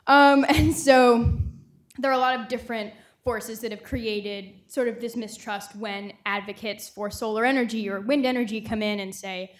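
A woman's voice: a little high, steady tone, normal speed. Young woman presenter, earnest and reflective, speaks with many fillers. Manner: earnest, thoughtful, frequent "um" and "uh" fillers. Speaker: student reporting fellow presenting her project. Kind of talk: conference presentation.

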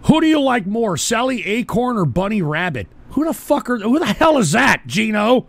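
A man hosting a live call-in stream rants belligerently and profanely at his chat, often erupting into shouts. His high-set voice grinds with heavy vocal fry, very animated at normal speed. He speaks into a desk mic, with no room sound.

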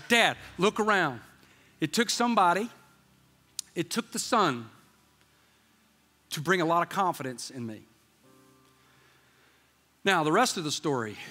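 A man's voice: high-pitched, sharp tone, in a large hall. A man in his fifties preaching a sermon, telling a candid story and acting out the dialogue. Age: 50s. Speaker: pastor. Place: church sanctuary.

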